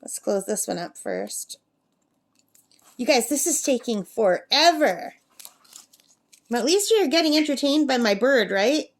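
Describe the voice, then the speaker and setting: A woman's voice: a little high, sing-song, measured pace, long pauses. A middle-aged woman chatting casually while crafting, reading out number codes and cooing at her pet bird. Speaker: craft vlogger. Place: campsite.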